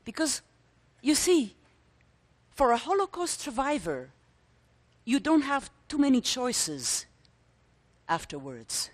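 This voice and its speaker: Woman in her 60s, stage storyteller, theatrical, very lively intonation, slightly high voice. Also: takes it slowly, long pauses. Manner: dramatic, theatrical, with vivid lists and emphatic repeats. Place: conference stage before a live audience.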